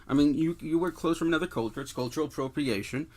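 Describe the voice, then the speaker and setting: A man's voice: fairly high pitch, fast, darkish tone. A man from Canada, co-hosting a casual political podcast and talking emphatically, often repeating words as he starts a point. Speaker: podcast co-host.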